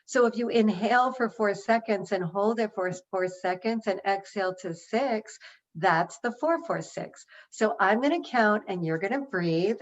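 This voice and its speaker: A woman giving an energetic webinar talk, guiding listeners through a breathing exercise by counting. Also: medium pitch. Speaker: speaker. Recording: dull lo-fi webinar audio.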